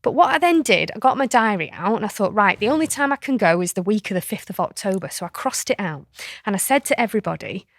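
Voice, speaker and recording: A woman tells a story on a podcast, with animated delivery. She acts out the voices and laughs often. The mic is close and dry. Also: mid-range voice, fast talker, no room sound. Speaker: podcast co-host. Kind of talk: casual storytelling chat.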